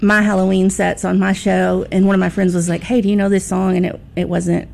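A woman's voice: medium pitch, level tone, a little fast, creaky, darkish tone. A woman guest on a radio show, chatting with enthusiasm and talking about her own show. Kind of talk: casual radio chat.

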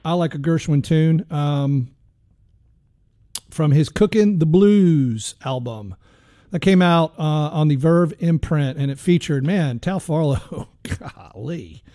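A man's voice: fairly high pitch, slow pace, dark tone, no echo, clean studio sound. A man hosting a jazz radio show, chatting casually about records in a rambling, easygoing way with lots of trailing fillers.

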